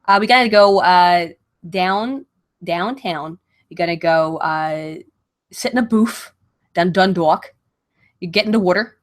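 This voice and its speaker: A woman's voice: fairly low pitch, a little slow, long pauses, voice pushed down, natural voice. A woman putting on a Baltimore accent, voicing a brash, easygoing local woman with a drawling, slangy manner. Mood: joking.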